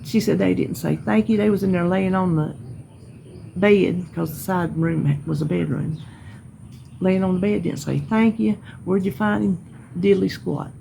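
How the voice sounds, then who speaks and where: A woman telling a story about her neighbors outdoors in a folksy, emphatic, animated way. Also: lowish voice, measured pace, creaky, a little hiss or hum, rough recording. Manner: folksy, emphatic, animated retelling with hollered quotes. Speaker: vlogger. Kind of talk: casual storytelling.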